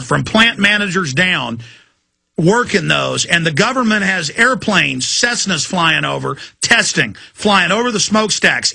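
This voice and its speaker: A man's voice: high-pitched, gravelly. A man hosting a talk radio show, ranting emphatically and taking callers. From Texas. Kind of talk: fiery talk radio monologue. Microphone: studio mic.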